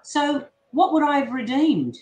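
A woman reading a calm, gentle Jesus. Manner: calm, measured, low and merciful. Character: Jesus, calm gentle man teaching disciples. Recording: roomy echo.

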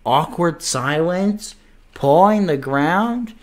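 A man reading a picture book aloud to children, playful and animated, stopping to make animal noises. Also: a little high, slow. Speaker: children's story reader.

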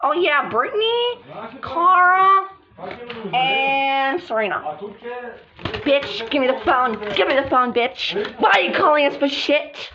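A woman voicing squabbling girls in a lo-fi home drama. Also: high-pitched. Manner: squabbling, quick jumps between characters, gasping and shouting. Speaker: hobby drama performer voicing several characters. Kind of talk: home-made doll drama role-play. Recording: dull lo-fi home recording.

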